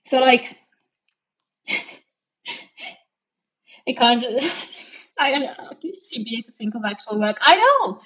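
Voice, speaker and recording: This live streamer is a young Romanian woman with a mixed Romanian-British accent and a fairly high, fairly bright voice. She talks slowly with frequent pauses, rambling in a giggly, self-mocking way, and the audio sounds dull.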